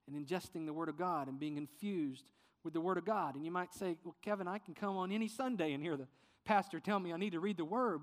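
A man preaching a sermon as pastor, earnest and sometimes softening with emotion. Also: high voice, big-room sound. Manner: earnest preaching, quieter and tender when emotional.

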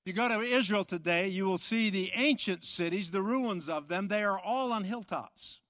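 A man's voice: sits high, normal speed, a bit bright, dry recording. A man preaching a sermon, emphatic and repetitive, with rhetorical questions. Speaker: pastor.

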